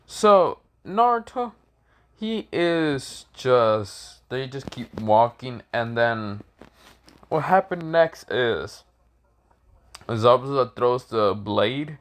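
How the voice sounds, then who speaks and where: A man tells a fan story off the cuff, in a loose, rambling way full of fillers, restarts and swearing. His voice sits at a middling pitch for a man. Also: expressive, very slow, fairly bright tone. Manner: rambling, with many fillers and profanity. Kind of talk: casual story retelling.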